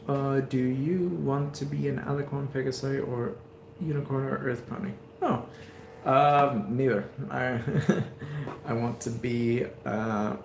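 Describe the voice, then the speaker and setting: A man's voice: mid-range voice, gravelly, a little mellow, reverberant, slight background noise. A man streaming from a hospital room, giving a rambling, heartfelt talk with many fillers. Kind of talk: casual live stream chat.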